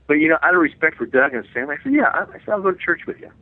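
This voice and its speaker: A man, the guest author, earnestly telling a personal testimony in an interview, pausing and restarting as he goes. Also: a little high, expressive, no room sound. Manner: earnest, reflective storytelling with frequent restarts. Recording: phone-like line.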